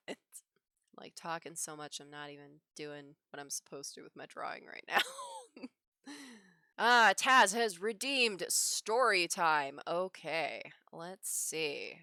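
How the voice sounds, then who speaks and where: A woman's voice: low-pitched, slow pace, clean tone, no room sound, clean studio sound. A woman livestreaming her digital drawing, telling a casual story with frequent laughs. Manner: animated, laughs often between phrases. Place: home drawing setup.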